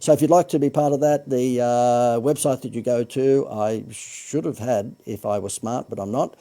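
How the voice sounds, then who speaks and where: An Australian man hosting a marketing livestream, making a chatty sales pitch with joking asides and frequent self-corrections. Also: normal speed, dark tone. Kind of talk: Facebook Live sales pitch.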